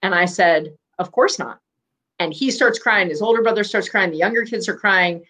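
A middle-aged woman talks as an interview guest with a mid-range, even voice. She tells her stories clearly and calmly, in a measured, assured way. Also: medium pitch. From United States. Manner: clear, composed, measured storyteller. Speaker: family physician guest. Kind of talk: casual interview storytelling.

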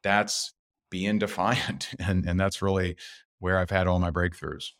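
A man guest on a podcast, telling personal stories candidly and acting out other people's lines in lively voices. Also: sits low, measured pace, no room sound, studio quality. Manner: animated storyteller who acts out other people's voices. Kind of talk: candid interview storytelling.

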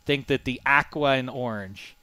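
A man's voice: mid-range voice, normal speed, sharp tone, smooth, no room sound. A man hosting a casual sports talk show, joking and rambling with his co-hosts. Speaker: host. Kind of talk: casual sports radio banter.

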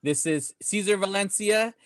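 A man's voice: high voice, normal speed, dry recording, clean studio sound. A man hosting a podcast, telling stories in casual chat, laughing often and swearing freely. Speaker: podcast host.

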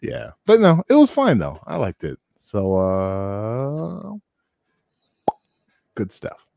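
A man giving a relaxed, laid-back take in a casual movie review chat, laughing often. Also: on the low side, takes it slowly, vocal fry, no room sound, studio quality. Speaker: podcast guest.

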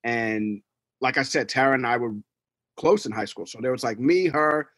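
A man's voice: medium pitch, moderate pace, no room sound. A man in his forties, a podcast co-host, telling a story in casual chat and acting out voices and sounds. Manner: animated, acts out voices and gunshot sounds.

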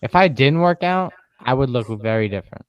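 Man, dry witty banter with swearing, smooth clean voice, dull dry close recording. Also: mid-range voice, lively intonation, dry recording. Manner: dry, quick-witted, profane. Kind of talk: casual chat.

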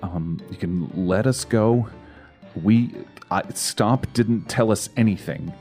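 Brief: low male player, desperate pleading and cursing, faint music behind. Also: takes it slowly, darkish tone. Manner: pleading, swearing, urgent. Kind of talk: in-character tabletop play.

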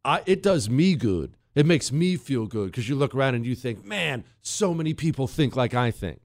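Talk radio host, male, animated and wisecracking, close dry studio mic. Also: medium pitch, moderate pace, dry recording. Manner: animated, joking, mock-indignant. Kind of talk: talk radio monologue and reading listener emails.

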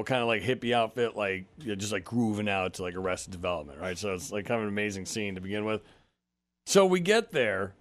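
A man in his thirties, a podcast host, telling a story in casual chat, swearing often and acting out what people said. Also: medium pitch. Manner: profane, animated, acts out quotes.

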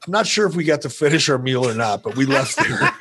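A man's voice: a little high, creaky, bright, forceful tone, slightly rough. Profane, playful male storyteller. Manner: profane, playful, self-amused. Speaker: podcast guest. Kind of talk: casual storytelling.

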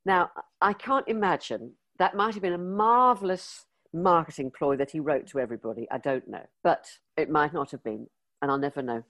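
A low-pitched older woman from the UK, chatting as an interview guest. She tells anecdotes with energy and slips into the voices of the people she quotes. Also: moderate pace. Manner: lively anecdotal storyteller, acts out quoted dialogue. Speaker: former magazine editor, interview guest. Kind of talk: storytelling interview.

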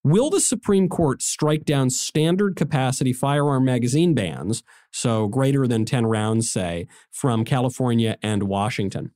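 A man's voice: medium pitch, lively intonation, a little slow, hardly any pauses, a little mellow. A man hosting a political podcast, teasing his guest in a mock-serious tone and reading out listener questions. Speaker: podcast host. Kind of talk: casual political podcast chat.

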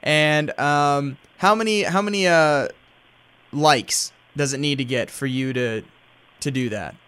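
A man co-hosting a podcast in easygoing casual chat, quick to laugh. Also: on the high side, a bit bright, clean tone. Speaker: podcast co-host.

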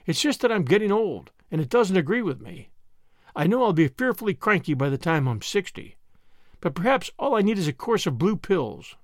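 A man's voice: sits high, big pitch swings, normal speed, no room sound, clean studio sound. A man reading aloud as a wistful, romantic middle-aged woman who talks in a sighing, dramatic way in an audiobook.

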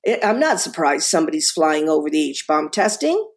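A woman's voice: sits low, sing-song, brisk. A middle-aged woman, a guest author in a podcast interview, talking with passion and emphasis, often repeating words and restarting.

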